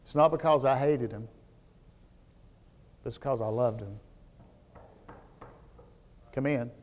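A man preaching a sermon as pastor, telling animated stories that build to near shouts. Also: mid-range voice, slow, big-room sound.

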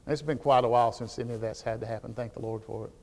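A man preaching a sermon as pastor, telling animated stories that build to near shouts. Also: mid-range voice, racing, long reverb tail.

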